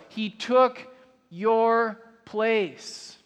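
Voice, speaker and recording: A man with a rather high voice delivers an earnest sermon, slowing into weighty, drawn-out phrases for emphasis. His words ring out with a long reverb, as in a large church auditorium. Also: fairly bright tone. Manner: earnest, builds to emphatic slow declarations. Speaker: pastor.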